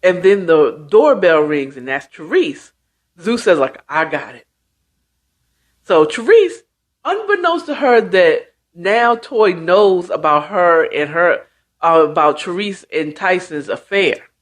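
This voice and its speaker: Brief: woman host, casual slangy story recap, unhurried delivery, pitch jumping around a lot. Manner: chatty, slangy, animated retelling with asides. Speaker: host retelling a book.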